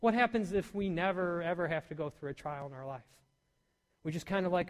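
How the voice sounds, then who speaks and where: A male pastor preaching a sermon in a church, swinging between loud emphatic peaks and soft near-whispers. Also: high-pitched, fairly quick. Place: church hall. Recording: long hall reverb.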